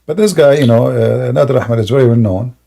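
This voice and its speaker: A man's voice: mid-range voice, brisk, vocal fry, warm tone. A man hosting a live broadcast, asking direct, blunt questions in non-native phrasing. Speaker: host of a live debate broadcast.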